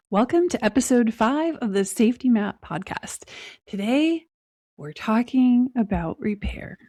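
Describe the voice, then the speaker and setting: Slow, earnest woman podcast host. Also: mid-range voice, dry recording, clean studio sound. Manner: earnest, unhurried, with long pauses between phrases; smiling, excited tone. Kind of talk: solo podcast talk.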